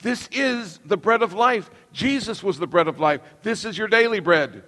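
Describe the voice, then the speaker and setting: A middle-aged pastor preaches with emphasis, getting the congregation to repeat lines after him. His high-pitched, expressive voice is pushed and bright and moves at a moderate pace, with a large hall's long reverb behind it.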